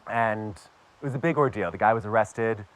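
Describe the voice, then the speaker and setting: A man's voice: on the low side, normal speed. A man from Pittsburgh telling a personal story to a live audience with wry, self-mocking humor. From Pittsburgh, USA.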